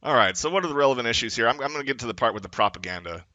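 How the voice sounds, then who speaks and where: A man delivering an angry, profane, confrontational political rant as a vlogger, at times rising to shouts. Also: mid-range voice, lively intonation, rapid-fire, dry recording, muffled recording.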